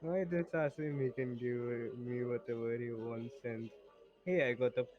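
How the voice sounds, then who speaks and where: A man's voice: medium pitch, fairly even intonation, unhurried, dull audio, soft background music. A man playing a tabletop game, answering bluntly and matter-of-factly. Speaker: player.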